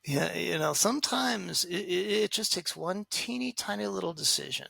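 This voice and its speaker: Pria bersuara cerah, serak, bercerita penuh semangat. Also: male voice, sits high, moderate pace, vocal fry, slightly rough, no room sound. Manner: animated storytelling, acts out quoted voices, laughs often. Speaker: guest, parenting expert. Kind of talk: podcast interview.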